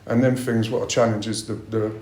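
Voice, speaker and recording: A middle-aged man gives a blunt personal share at a recovery meeting, swearing a lot as he talks. His lowish, slightly mellow voice moves briskly with little pitch movement, and the meeting room adds a roomy echo.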